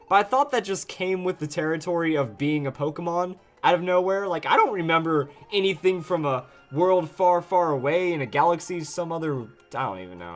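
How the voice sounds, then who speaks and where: A man talks through his gameplay in a lively, animated voice that swings up and down, sitting a little high for a man. He is chatty and jokey, with faint game music underneath. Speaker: let's play host. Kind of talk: casual gameplay commentary.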